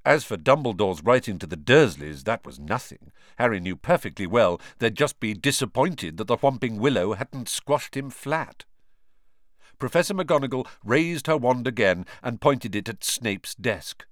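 A man reads a storybook aloud with a lively, rising and falling voice. His sound is close and dry, with no room around it. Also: mid-range voice, normal speed, dry recording. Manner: expressive storytelling. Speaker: audiobook narrator. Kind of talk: scripted narration.

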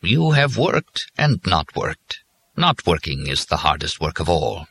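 A man voicing a slow, solemn male machine confessor in an audiobook. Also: fairly low pitch, big pitch swings, pushed and bright, dry recording, voice pushed up, exaggerated voice. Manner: slow, measured, intoning.

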